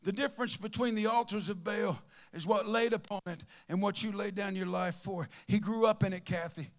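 A man preaching a sermon with speech, swinging between impassioned shouting and quiet, intimate asides. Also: sits high, fairly even intonation, a little fast. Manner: impassioned, shouting at peaks, then dropping to a murmur.

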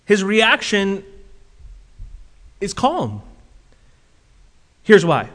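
A man preaching a sermon as pastor, animated and acting out quotes in shifting voices. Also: high voice, extremely slow. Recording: long hall reverb.

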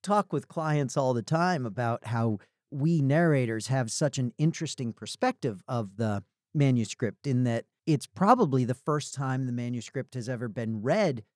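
A man hosting a podcast who also narrates audiobooks, talking in a relaxed, reflective way about his work. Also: medium pitch, normal speed, hardly any pauses, no room sound, studio quality. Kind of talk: casual interview chat.

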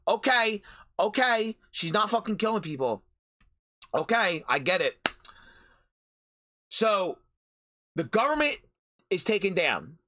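A man's voice: sits high, very animated, takes it slowly, long pauses, bright, forceful tone. A man hosting a podcast, ranting about anime in a heated, profane way and repeating phrases for emphasis. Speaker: podcast host. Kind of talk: anime review rant. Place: home recording during a storm.

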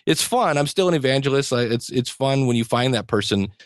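A man's voice: medium pitch, lively intonation, brisk, dry recording, studio quality. Enthusiastic man, rambling guest. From United States. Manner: rambling and enthusiastic, many restarts and chuckles. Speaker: podcasting teacher, guest. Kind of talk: conversational interview.

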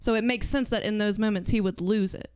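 A woman on a casual movie podcast with a smooth, clear voice, recorded dry and close. She explains her point in a calm, measured way. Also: mid-range voice, no room sound. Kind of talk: casual movie-review chat.

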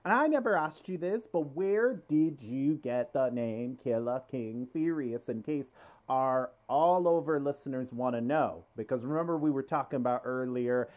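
A man hosting an interview, chatty and curious, asking questions with lively jumps in pitch. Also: moderate pace. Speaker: interview host. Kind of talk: casual interview talk.

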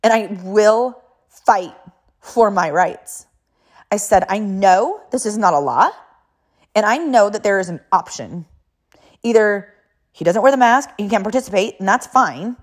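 A woman's voice: medium pitch, lively intonation, normal speed. A middle-aged woman, a mother, telling a personal story in an emphatic, repetitive way.

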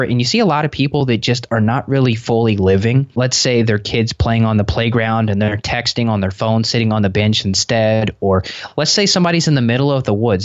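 A man speaking over a remote call, earnest and reflective, spinning long flowing stories in a relaxed chat. His voice sits at an ordinary middle pitch. The audio is slightly muffled and dry. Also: dry recording. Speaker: podcast guest. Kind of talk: relaxed conversational interview.

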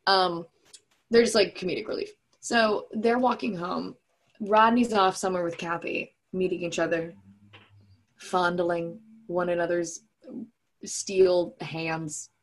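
A woman's voice: on the low side, fairly even intonation, slow pace. A young woman hosting a casual, jokey movie recap, chatty and full of "like" and fillers.

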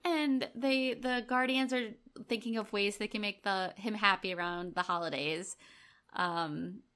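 A woman co-hosting a casual podcast chat, upbeat with quick short replies. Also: mid-range voice, fairly even intonation, fairly bright tone. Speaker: podcast co-host.

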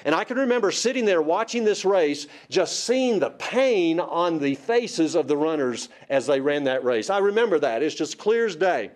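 Emphatic preacher man, fairly high voice. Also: animated, moderate pace, hardly any pauses. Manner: emphatic, asks the congregation rhetorical questions. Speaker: pastor. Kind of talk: sermon.

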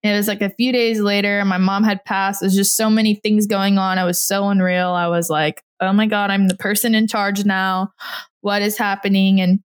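A young woman chatting as a guest, middle-pitched and lively in her storytelling. She slips into quoted voices and laughs along the way. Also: moderate pace, clean tone. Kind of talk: casual chat.

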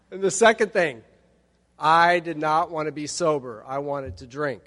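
A man's voice: a little high, moderate pace, a bit bright. A man in his fifties from Texas, telling his recovery story to a meeting with wry, humorous asides. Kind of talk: personal testimony talk. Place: large hall at a conference. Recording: long hall reverb.

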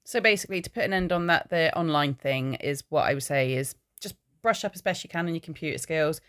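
Low-voiced woman, blunt chat. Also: quick pace, fairly bright tone. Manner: blunt, swears freely. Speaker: podcast co-host. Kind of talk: casual chat.

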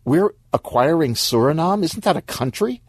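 A man's voice: a little high, animated, moderate pace, breathy edge, dry recording, clean studio sound, pitched above the performer's own voice. A man voicing a meek male CEO who is flustered and hesitant, stammering as he talks.

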